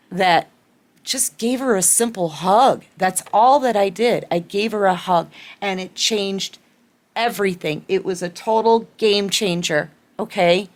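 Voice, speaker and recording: Earnest woman giving a spiritual pep talk. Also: mid-range voice. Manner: earnest, repeats herself, checks in with "okay?". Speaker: tarot reader.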